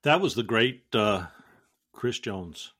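Lower-voiced joking man host. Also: expressive, slow, fairly bright tone. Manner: joking, teasing, rambling. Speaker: podcast host. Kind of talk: casual roundtable chat.

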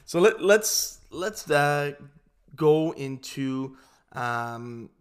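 A young man hosting a podcast, chatting casually and telling stories in an animated way. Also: fairly high pitch, drawn-out words, smooth. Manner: animated storytelling with laughs. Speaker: podcast host. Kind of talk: casual interview chat.

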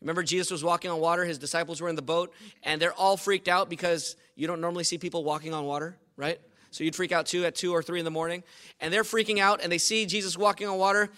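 A man's voice: on the high side, steady tone, quick pace, pushed and bright. A man preaching a sermon as pastor, quizzing the congregation and repeating points with emphasis. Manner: asks the congregation questions, emphatic repetition.

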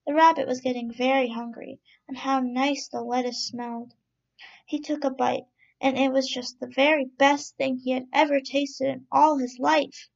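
A woman storyteller reading children's stories aloud in a slow, gentle storybook manner. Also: high voice, fairly even intonation, vocal fry. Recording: dull lo-fi recording.

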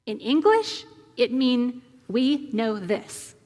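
Woman quoting a deadpan eccentric doctor. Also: fairly high pitch, slow pace, in a large hall. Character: eccentric self-assured comic doctor character.

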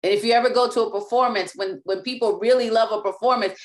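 A woman delivers a sermon with a voice pitched a little above average. She speaks emphatically and often restarts and repeats words as she presses her point. She acts out the scripture quotes as she teaches. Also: steady tone, fast talker. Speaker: apostle and teacher.

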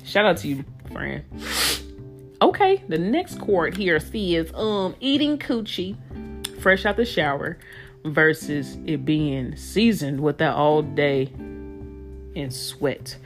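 A young woman hosting a casual solo podcast, talking in a loose, slangy, animated way with playful impressions. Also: sits low, slow, faint music behind. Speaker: podcast host.

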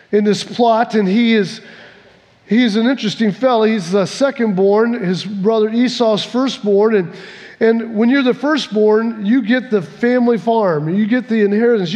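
Male preacher, very high voice, folksy storyteller voicing the characters, big echoing sanctuary. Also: a little mellow. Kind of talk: sermon. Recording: long hall reverb.

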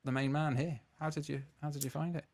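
A man's voice: on the high side, steady tone, fast talker, gravelly, darkish tone. A man hosting a casual podcast, asking the guest questions and often restarting mid-sentence. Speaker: podcast host.

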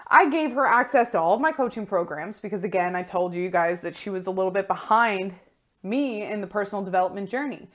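A woman's voice: medium pitch, a little fast, fairly bright tone. Frank woman life coach, 30s, casual blunt solo talk with swearing.

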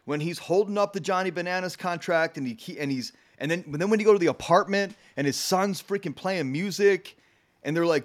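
A man's voice: sits high, fairly quick. A man in a casual podcast conversation, talking with enthusiasm and swearing casually.

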